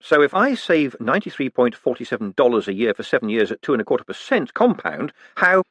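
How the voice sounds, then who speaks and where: Quick-witted con man, read by a male narrator, wry and teasing, dry close sound, storybook. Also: mid-range voice, big pitch swings, fairly bright tone, dry recording.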